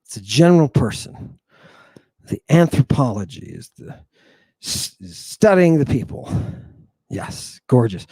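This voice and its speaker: A man's voice: mid-range voice, normal speed, husky, no room sound. A man teaching an Ancient Greek lesson in a theatrical, teasing drill-sergeant manner. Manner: animated, teasing.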